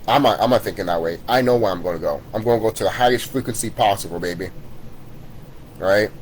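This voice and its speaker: A man's voice: on the low side, quick pace, slight background noise, rough recording. A man in a vlog, ranting to his viewers, heated and repetitive, swearing often. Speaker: vlogger. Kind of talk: profane spiritual rant to camera.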